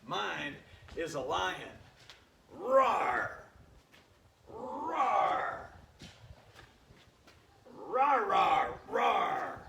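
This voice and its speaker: A man's voice: mid-range voice, gravelly, bright, forceful tone, slight background noise. A man who is a PE coach, counting reps and encouraging his class while doing the workout himself. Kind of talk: workout instruction video. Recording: echoey room picked up from a distance.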